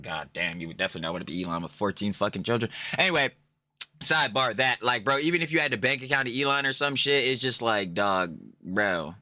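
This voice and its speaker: A man's voice: medium pitch, animated, fast talker, sharp tone, dry recording, studio quality. A man hosting a reaction channel, talking in a casual, slangy, profane way with mocking asides.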